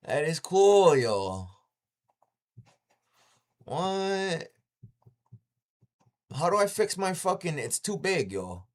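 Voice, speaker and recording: A man's voice: on the high side, very slow, long pauses. Man chatting loosely on a live stream. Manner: profane, keeps saying "yo"; animated storytelling with sound effects. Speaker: livestreamer. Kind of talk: casual live-stream chat.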